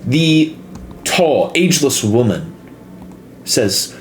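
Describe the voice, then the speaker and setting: Slow, lively-voiced male game master. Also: medium pitch. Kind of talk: narrating a tabletop game. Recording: echoey room with faint noise.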